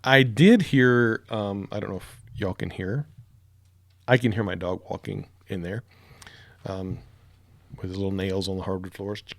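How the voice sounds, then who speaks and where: A man's voice: sits low, steady tone, unhurried, vocal fry, dry recording. A man casually reviewing a microphone at home, joking and rambling while he tests it up close. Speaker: product reviewer. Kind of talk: casual unboxing chat. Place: home room with hardwood floors. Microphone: close broadcast microphone.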